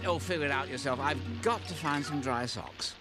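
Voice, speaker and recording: A man's voice: mid-range voice, normal speed, over music, lightly acted. A man voicing a zany male rainforest TV weatherman who chirpily rattles off forecasts. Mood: chirpy.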